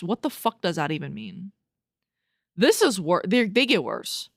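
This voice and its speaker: A sing-song, medium-pitched voice belongs to a young woman hosting a casual solo podcast in dry, clean studio sound. Unhurried, she reads review quotes aloud and laughs at them in profane incredulity.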